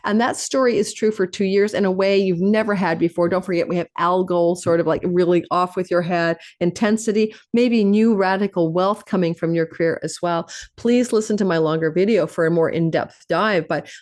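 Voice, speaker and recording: A woman astrologer hosting her own channel, giving a fast, animated forecast that runs through long lists of phrases. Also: on the low side. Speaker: astrologer host.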